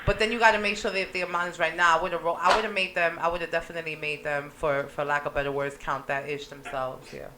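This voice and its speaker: A woman's voice: deep voice, fast, few pauses, crowd noise. A woman co-hosting a casual radio chat, telling a story in slangy talk and acting out what people said. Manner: animated slangy storyteller who acts out quotes. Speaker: radio co-host. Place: radio studio.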